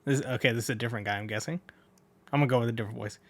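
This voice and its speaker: A man's voice: mid-range voice, racing, fairly bright tone, no room sound. A man reading a manga aloud and chatting about the pages, correcting himself and laughing at his slips. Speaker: manga reader. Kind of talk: casual manga read-along with commentary.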